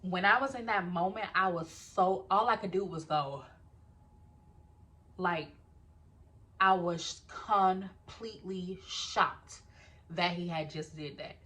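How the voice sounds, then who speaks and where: A young woman telling a personal story in a casual vlog, talking straight to her viewers, animated and swearing freely. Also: fairly low pitch, slow pace, pauses often.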